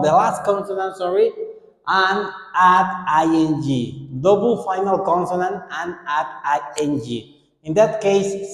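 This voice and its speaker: Slow, deliberate male English teacher. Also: high voice. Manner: slow, deliberate drilling, repeating words for students. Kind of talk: online English grammar lesson. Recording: echoey room with long reverb.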